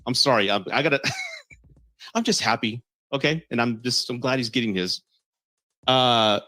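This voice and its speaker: A man's voice: mid-range voice, expressive, unhurried, long pauses, pushed and bright, faint music behind. A man giving casual commentary, reading messages aloud in a blunt, mocking, profane way. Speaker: content creator.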